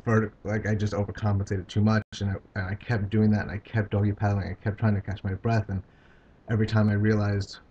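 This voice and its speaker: A man vlogging about his own experience, talking in a halting, hesitant way with many pauses and restarts. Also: on the low side, warm tone, husky. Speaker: video blogger. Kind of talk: casual personal recount. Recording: dull lo-fi home video sound.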